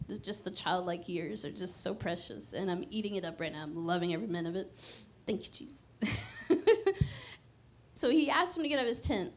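Young woman pastor preaching, easygoing, laughs a lot, middle pitch. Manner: conversational preaching, laughs often, playful emphasis. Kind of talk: sermon.

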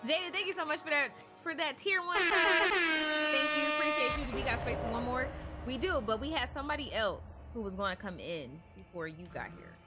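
A woman's voice: high voice, animated, fairly quick, loud music behind the voice. A woman streamer chatting casually while playing an online game, thanking viewers and joking with friends in loose slangy talk. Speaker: streamer hosting a multiplayer horror game session. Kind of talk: casual gaming chat.

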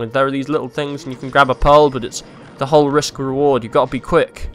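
A young man commentating a video game he is playing, rambling and crude, mocking himself and breaking into silly yells. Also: mid-range voice, flat delivery, fast talker, faint music behind. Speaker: let's play host.

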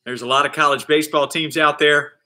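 A man's voice: on the high side, a little fast. A man leading a live online kids' PE class, cheering kids on and counting reps with playful energy. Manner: shouts with excitement during exercises. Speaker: kids PE coach.

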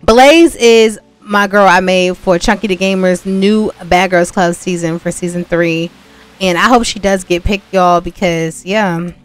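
A woman's voice: on the low side, steady tone, unhurried, clean tone. A young woman giving casual, chatty gameplay commentary, talking straight to her viewers with exasperated asides. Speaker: gameplay vlogger.

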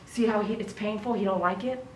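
A woman's voice: medium pitch, a little fast, noisy background. Chatty woman groomer in an echoey room. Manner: chatty, coos softly to the dog. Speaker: dog groomer. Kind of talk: casual running commentary while grooming. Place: grooming salon. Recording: echoey room, mic at a distance.

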